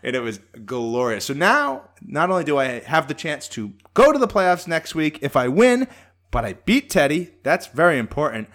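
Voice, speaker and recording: A man chatting casually on a podcast, telling an animated fantasy football story and swearing freely. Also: on the high side, normal speed. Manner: animated storytelling, acts out his own shouts. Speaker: fantasy football league member.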